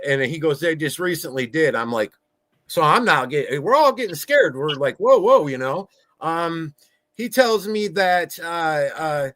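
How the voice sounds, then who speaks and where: A man hosting a casual podcast, telling stories in an animated, excitable way. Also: on the high side, dry recording. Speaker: podcast host.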